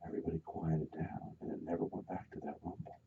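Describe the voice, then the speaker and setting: A man hosting a live radio talk show, telling stories in a casual, animated way and acting out the voices of the people in them. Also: a bass voice, fast talker, a little hiss or hum. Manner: animated storyteller, acts out loud voices. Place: radio studio. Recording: dull lo-fi radio broadcast.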